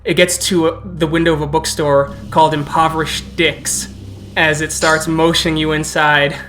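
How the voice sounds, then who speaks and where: A man narrating a tabletop role-playing game as game master, setting scenes in a calm, descriptive way. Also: a little high, moderate pace, a little hiss or hum.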